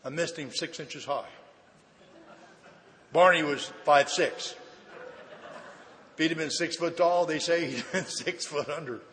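High-voiced man telling a comic recovery story. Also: measured pace, long pauses. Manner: folksy comic storyteller with dry deadpan asides. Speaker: speaker sharing his story at a recovery meeting. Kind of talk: humorous personal testimony to an audience. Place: meeting hall with a live audience. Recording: reverberant hall, faint background noise.

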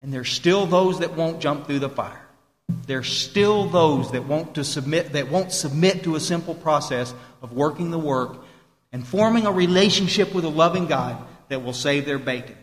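A man's voice: fairly high pitch, normal speed, soft background music. A man giving a heartfelt talk as guest speaker at a recovery meeting, earnest and repeating phrases for emphasis. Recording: echoey hall, roomy long reverb.

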